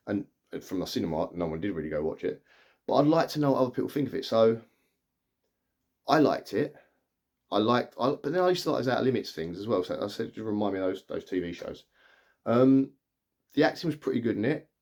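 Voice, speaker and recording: A man's voice: medium pitch, big pitch swings, quick pace, darkish tone. A middle-aged man, chattily retelling a film's plot in a casual review, often restarting his sentences. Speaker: film reviewer. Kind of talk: casual spoken movie review.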